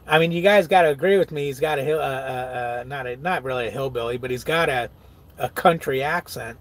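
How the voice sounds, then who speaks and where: Streaming live, a truck driver reads out viewer comments and responds, cursing freely and laughing a lot. His male voice is on the high side, with no echo.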